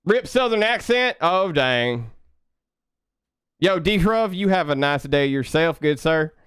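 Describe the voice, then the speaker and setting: A man's voice: on the high side, expressive, slow, fairly bright tone, smooth, no echo, studio quality. Laid-back young man streaming code. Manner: laid-back, chatty, laughs often, talks to chat. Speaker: live-coding streamer. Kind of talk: casual live-stream chat while coding.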